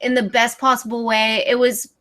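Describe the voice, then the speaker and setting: Chatty woman with a slightly high voice. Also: flat delivery, moderate pace, a bit bright. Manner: chatty, agreeable, laughs along. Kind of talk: casual group chat.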